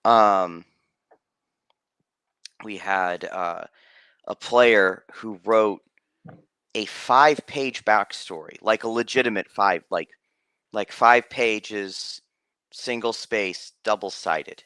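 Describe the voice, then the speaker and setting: Slow, bright-voiced rambling game master man. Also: lowish voice, clear, resonant tone, dry recording. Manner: rambling storyteller, many restarts and fillers. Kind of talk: casual stream chat.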